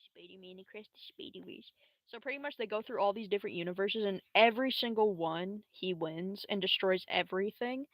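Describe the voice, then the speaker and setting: A woman's voice: medium pitch, a little fast, dry recording, dull audio. A young woman streamer telling a story in a casual, rambling way, full of slang and fillers.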